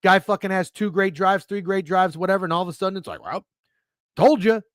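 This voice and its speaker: A man hosts a sports betting stream and rants, cursing freely and dripping with sarcasm as he reads the chat. His voice sits high for a man. The sound is close and dry, with no room around it. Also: steady tone, fast talker, a bit bright, no room sound. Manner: profane, ranting, sarcastic. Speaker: sports betting show host. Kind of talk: live-stream rant reading chat.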